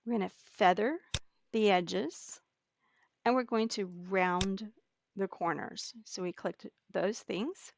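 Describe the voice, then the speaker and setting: Slow, gravelly-voiced woman tutor. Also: medium pitch, slight background noise. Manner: slow, step-by-step explaining with fillers. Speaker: digital scrapbooking tutor. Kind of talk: screen-recorded software tutorial.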